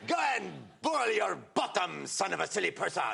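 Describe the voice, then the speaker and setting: A man voicing a rude, mocking French taunter with a mock French accent, shouting insults. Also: high voice, sing-song, normal speed, vocal fry, pitched above the performer's own voice, heavily acted. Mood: taunting.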